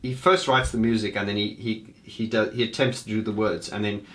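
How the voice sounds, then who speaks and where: A man's voice: on the low side, fairly even intonation, brisk, a bit bright. A man talking casually and unscripted to his viewers, rambling with fillers and restarts as if chatting with a friend. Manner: talks to viewers as friends, calls them guys. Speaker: music video host.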